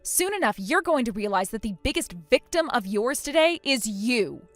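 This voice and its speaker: A woman's voice: a little high, big pitch swings, moderate pace, no echo, soft background music. A woman voicing a furious, injured young bride who speaks in a cold, scornful and firm way. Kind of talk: text-message story voice acting.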